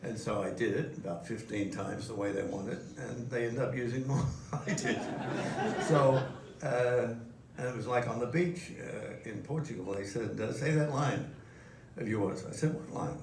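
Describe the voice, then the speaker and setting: A man's voice: medium pitch, normal speed, darkish tone. An older man, a guest at a live stage interview, telling anecdotes with chuckles. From Australia. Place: museum event hall with audience. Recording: echoey hall from far off, noisy.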